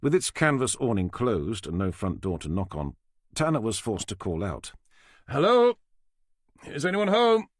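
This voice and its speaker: A man narrating a crime thriller audiobook in a measured, expressive storytelling way. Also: deep voice, no echo, clean studio sound. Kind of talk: scripted narration.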